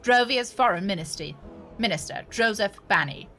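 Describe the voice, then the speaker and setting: A woman's voice: medium pitch, lively intonation, fairly bright tone, soft background music. A woman putting on a formal TV news anchor. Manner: measured, formal newsreading delivery. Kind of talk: reading a scripted news segment aloud.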